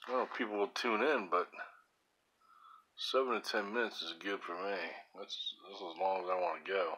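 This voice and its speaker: A man's voice: low voice, steady tone, brisk, sharp tone, a little hiss or hum. A man filming himself on a phone at home at night, rambling sleepily to the camera and laughing at his own jokes. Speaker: vlogger. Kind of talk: rambling self-filmed vlog.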